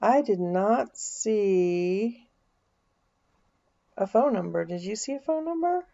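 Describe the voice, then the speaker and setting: A woman's voice: mid-range voice, lively intonation, takes it slowly, vocal fry, mellow, muffled recording. A woman vlogger, chatting casually as she walks through a search on her screen, thinking aloud with dry asides. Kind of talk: casual screen-share walkthrough.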